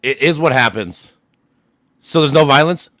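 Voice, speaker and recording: A man's voice: mid-range voice, animated, moderate pace, fairly bright tone, no echo. A man streaming a casual voice chat, arguing heatedly, swearing often and repeating himself as he presses his point.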